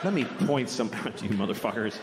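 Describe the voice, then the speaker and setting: A man's voice: on the low side, animated, brisk. A man performing a stand-up comedy set on stage, talking bluntly and profanely in a loose, conversational way with exaggerated rants. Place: theater stage before a laughing audience. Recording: reverberant live hall with crowd noise.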